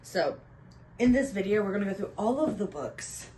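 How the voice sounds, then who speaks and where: A woman's voice: medium pitch, lively intonation, normal speed, mellow, a little hiss or hum, rough recording. A young woman hosting a casual book chat at home, upbeat and a little out of breath after the gym. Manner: chatty and upbeat. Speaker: booktube host.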